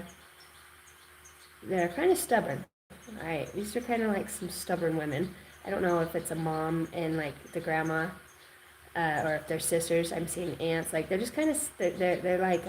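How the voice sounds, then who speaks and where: A woman giving an intuitive tarot reading, rambling and excitable, repeating words and swearing now and then. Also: fairly low pitch, a little hiss or hum, rough recording. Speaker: tarot reader.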